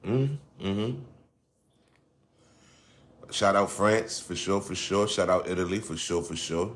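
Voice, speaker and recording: A man's voice: sits low, steady tone, normal speed, a bit bright. A middle-aged man hosting his own podcast, talking in a loose, rambling, profane way, restarting his sentences and going off on asides. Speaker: podcast host. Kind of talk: casual solo monologue.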